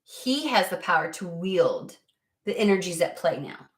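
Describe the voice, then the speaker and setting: A woman's voice: lowish voice, big pitch swings, unhurried. A woman giving a casual tarot reading to her viewers in a rambling, frank manner, swearing freely. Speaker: tarot card reader.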